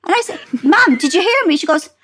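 A woman with an Irish accent chatting as a guest author, telling lively stories and laughing as she talks. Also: very high-pitched, quick pace. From Ireland. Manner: animated storyteller, laughs while talking. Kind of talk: casual chat.

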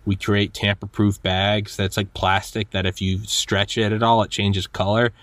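A man hosting a podcast, telling stories in a lively, animated way and acting out quotes. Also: fairly low pitch, normal speed, dry recording. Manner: animated storyteller, acts out quotes, many restarts. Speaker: podcast host. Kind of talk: casual conversation.

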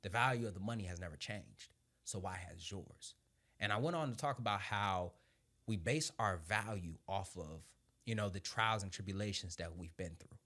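At a moderate pace, a young adult man who serves as a Marine sergeant recounts his life as a guest in easygoing conversation. He curses freely, laughs through the stories, and gets quiet and low when reflecting.

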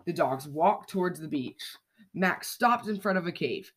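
A host reading a children's storybook aloud with clear, expressive narration. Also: mid-range voice, a little slow. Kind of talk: storybook read-aloud for kids.

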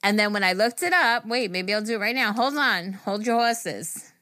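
Lively, bright woman co-hosting a chat podcast. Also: mid-range voice, no room sound, studio quality. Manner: chatty, laughing, quick asides. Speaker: podcast co-host. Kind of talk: casual chat.

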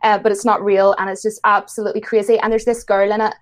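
Fast-talking young Irish woman, chatty. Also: medium pitch, level tone. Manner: chatty, giggly, fast storytelling with many fillers. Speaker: guest YouTuber. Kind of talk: casual chat.

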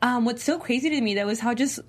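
Relaxed woman steering the talk. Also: fairly high pitch, quick pace. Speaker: podcast host leading the discussion. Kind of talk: casual group chat about a TV show.

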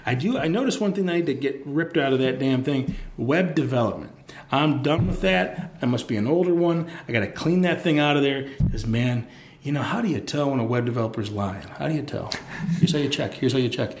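A man's voice: mid-range voice, expressive, brisk, echoey room, a little hiss or hum. A man who is a designer, talking casually and rambling in a live podcast interview, with many restarts and jokes. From Pacific Northwest. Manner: rambling, self-interrupting, jokey. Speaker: guest designer. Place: live event in a university building.

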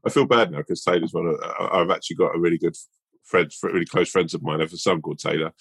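Very deep-voiced man telling a rambling tale. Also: fast, vocal fry, fairly bright tone, breathy edge, dry recording. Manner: rambling, playful storytelling. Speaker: podcast co-host. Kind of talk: casual chat with a mock-earnest fable.

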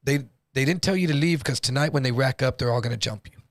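A man voicing a fellow male inmate who quietly and urgently warns him to get out, in a low, hushed voice. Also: fast talker, dry recording, studio quality, lightly acted. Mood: urgent warning. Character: hushed older male inmate giving a warning.

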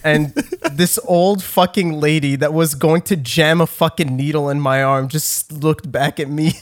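A man's voice: a little high, fairly even intonation, unhurried. Rambling young man telling a story. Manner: rambling storyteller, swears, laughs at himself. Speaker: podcast co-host. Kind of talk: casual chat.

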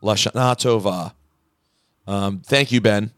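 A man's voice: lowish voice, slow pace, a bit bright, no echo, studio quality. A man hosting a podcast in casual chat, animatedly reading listener emails aloud. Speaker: podcast host.

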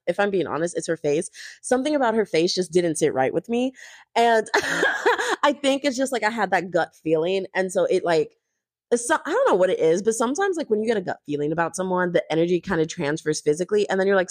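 A woman's voice: medium pitch, no room sound, clean studio sound. A woman chatting in a gossipy way, recapping a reality show with lots of "like". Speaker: host.

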